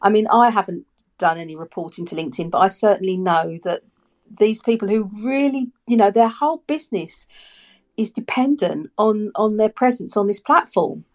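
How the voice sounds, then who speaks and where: A woman's voice: mid-range voice, animated, normal speed. A woman guest on a podcast, a personal branding coach, talking earnestly with many restarts. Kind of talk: casual podcast chat.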